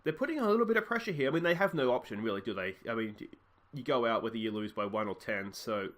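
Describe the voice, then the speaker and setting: Hosting a let's play, a man chats casually over his football management game, musing and reacting to the action with bursts of excitement. His voice is medium in pitch and he talks fast.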